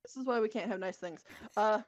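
A woman on a podcast walks through a fantasy story in a loose, rambling way, stopping often to correct herself. Her voice sits at an ordinary pitch. The sound is dry and a little dull. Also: fairly quick, dry recording. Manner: rambling, many fillers and self-corrections. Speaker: podcast co-host. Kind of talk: casual chat, retelling a book plot.

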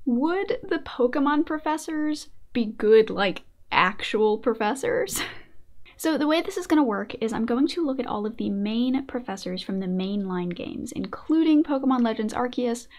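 A woman's voice: on the high side, animated, moderate pace, darkish tone. A woman hosting her own video, a writing teacher giving scripted, casual commentary with playful joking asides. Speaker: video essayist and host.

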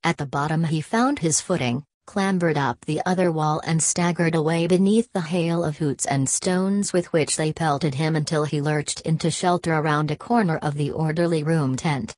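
A woman narrating an audiobook in an even, deliberate manner. Her voice sits low, and the recording is dry and close with no room sound. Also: no echo.

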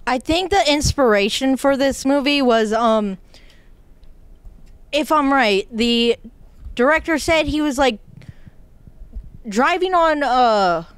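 A woman guest on a podcast, her voice a bit high and smooth, recorded close and dry. She talks chattily, hedging and filling her sentences with um and like. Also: lively intonation, takes it slowly, pauses often, dry recording. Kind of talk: casual chat.

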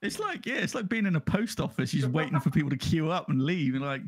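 Animated, joking man player. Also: fairly high pitch, fast talker, husky. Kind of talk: casual tabletop game chat.

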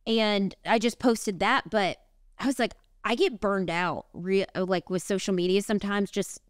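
A woman's voice: medium pitch, steady tone, measured pace, clean tone, no room sound, clean studio sound. A woman, co-hosting a podcast in casual, rambling chat. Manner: chatty, rambling, lots of "like". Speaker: podcast co-host.

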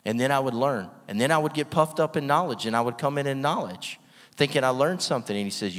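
A man's voice: medium pitch, fast. Preaching man in a reverberant hall. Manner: energetic, emphatic, laughs often, rhetorical questions. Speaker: guest preacher. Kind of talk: sermon. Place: church hall with long reverb.

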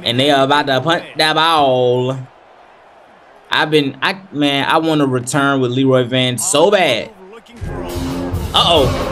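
A young man giving casual play-by-play commentary while playing a football video game, animated, hyped and trash-talking. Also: medium pitch, slow pace, long pauses, over music. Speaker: gaming video creator.

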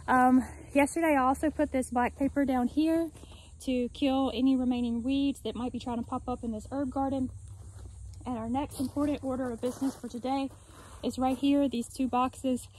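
In a rough recording with a bit of hiss or hum, a woman whose voice sits high and darkish explains her garden work step by step to the camera. She keeps a steady tone and moderate pace, running short of breath at times during this casual vlog from her backyard.

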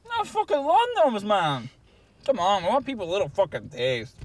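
An actor playing a gruff small-time crook who talks bluntly and bossily, swearing constantly. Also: male voice, high-pitched, wildly swooping pitch, normal speed, dry recording. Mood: irritated. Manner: blunt, profane, bossy. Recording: music behind.

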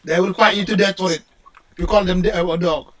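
A man's voice: sits high, fairly even intonation, fast. A man hosting a casual chat from Indonesia, joking and swearing as he mimics Aussie slang. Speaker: host. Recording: away from the mic, with background crowd.

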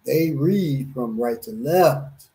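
A man's voice: mid-range voice, animated, takes it slowly, warm tone, echoey room. A man in casual group chat, animatedly telling stories and acting out the voices of the people he quotes. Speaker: co-host.

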